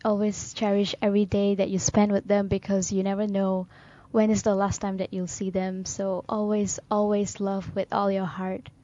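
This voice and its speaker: Woman reading poetry, solemn and measured. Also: mid-range voice, little pitch movement, warm tone, dull audio. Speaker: radio show co-host. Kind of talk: poetry reading on a talk show.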